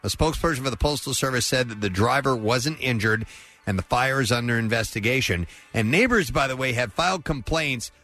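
A man's voice: mid-range voice, animated, brisk, bright, forceful tone, faint music behind. A man hosting a radio morning show, reading odd news stories aloud and laughing often as he goes.

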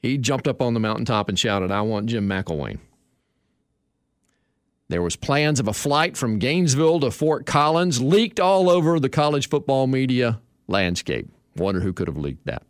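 A man hosting a sports talk radio show, telling stories in a lively way. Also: medium pitch, moderate pace, dry recording, clean studio sound. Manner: lively storytelling, chuckling.

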